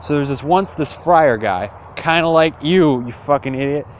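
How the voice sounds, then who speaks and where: A man voicing a mocking summoner trading profane, low-key trash talk like a rap battle. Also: animated, moderate pace, a little hiss or hum, lightly acted. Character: mocking rival male summoner, trash-talking rapper.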